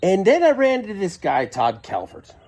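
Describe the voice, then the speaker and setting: Husky man telling a rambling story. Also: sits high, huge pitch swings, moderate pace, a little mellow. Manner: rambling, self-interrupting, wry. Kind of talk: casual first-person storytelling.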